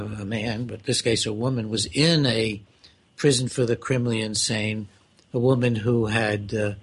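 A man with a husky voice explains with care, pausing often with small fillers as he builds his points. His tone stays even and thoughtful as he answers a colleague. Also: mid-range voice. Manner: measured and explanatory, with filler pauses. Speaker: mental health expert. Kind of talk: conversational discussion.

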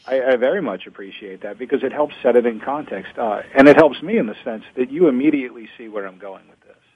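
A man who studies ancient drama, retelling a play in a lively storytelling way during a discussion. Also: mid-range voice, quick pace, slightly rough. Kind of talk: conversational discussion. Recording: phone-like thin audio.

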